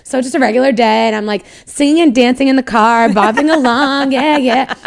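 A young woman chatting casually, telling an animated, playful story. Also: high-pitched, brisk, gravelly. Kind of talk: casual chat.

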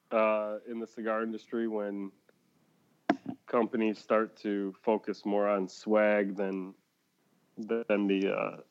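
A man's voice: lowish voice, a little mellow, muffled recording. A man co-hosting a casual podcast, rambling with restarts and laughing often. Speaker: podcast co-host. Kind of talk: casual chat.

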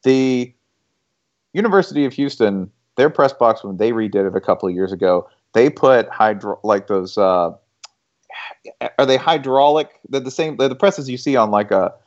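A man on a sports podcast spins a long story in a lively, storytelling voice. The audio is dull and lo-fi, like a modest home podcast setup. His pitch sits in a middling range. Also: normal speed. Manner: animated storyteller, bursts into high mocking voices. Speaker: podcast host. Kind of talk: casual sports chat.

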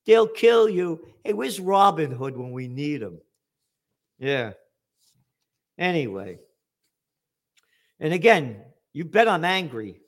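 A man in an angry, profane political rant. His voice sits a little high for a man and his delivery is slow and drawn out, building to sarcastic jabs and sudden shouted outbursts. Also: sing-song. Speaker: commentator.

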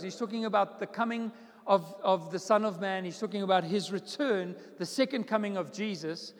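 Guy pastor with a really high voice preaching, repeats stuff for emphasis, long echo in the hall. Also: brisk. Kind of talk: sermon.

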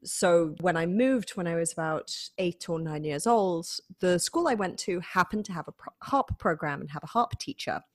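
A woman from Manchester with a northern English accent talks about her life in a relaxed interview. Her voice sits a little low, recorded dry and close. She tells stories lively, laughing often. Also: moderate pace, few pauses, dry recording. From Manchester, England. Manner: lively storyteller, laughs often, acts out quotes. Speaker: guest harpist. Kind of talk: casual interview chat.

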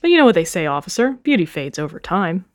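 A woman's voice: lowish voice, very animated, fast talker. A woman doing a smug raccoon businessman. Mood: mock sorrow.

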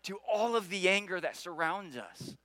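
A man's voice: high voice, expressive, normal speed, pushed and bright, dry recording, low-quality recording. A man preaching a sermon, earnest, repeating key phrases and rising when he voices prayers. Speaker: pastor.

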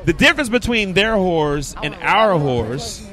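A man, a comedian guest, talking loudly and animatedly in a casual banter interview, recorded outdoors at a live venue. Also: high-pitched, a little slow. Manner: loud, animated, keeps talking over others.

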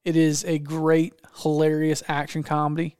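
A man in easy conversation who rambles with enthusiasm and keeps circling back to restart his thoughts. His voice is smooth and clear, pitched a little high, and sits close and dry on the mic. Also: monotone, moderate pace, a little mellow, no echo. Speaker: podcast host. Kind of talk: casual chat.

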